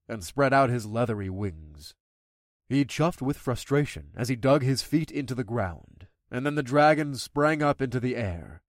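A man narrating a first-person fantasy story in a steady storytelling manner. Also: mid-range voice, dry recording, clean studio sound.

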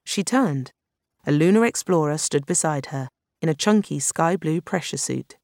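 A steady audiobook narrator reading a science fiction novel. The delivery is even and unhurried, at a middle pitch. The recording is dry and close, with no room sound. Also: vocal fry, no echo.

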